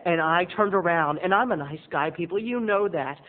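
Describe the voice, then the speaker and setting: A man's voice: sits high, normal speed, hardly any pauses. A man telling a dramatic, gossipy story to the camera as a video blogger. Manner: theatrical, gossipy, punchy delivery. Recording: tinny phone-like lo-fi audio.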